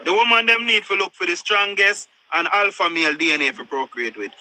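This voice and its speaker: A Jamaican man holds his ground in a heated online chat debate, circling back to the same points again and again. His voice sits high and rings with a sharp, very bright edge. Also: a little fast, low-quality recording. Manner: insistent, repeats himself, patois-heavy. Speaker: group chat participant.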